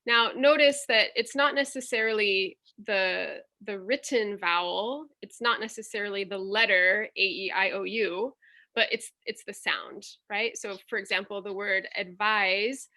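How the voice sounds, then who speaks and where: A woman's voice: medium pitch, a little slow, sharp tone. A woman teaching on a video call, patiently explaining and sounding out vowels step by step. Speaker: teacher presenting a workshop. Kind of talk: online teaching demonstration. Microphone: computer mic on a video call.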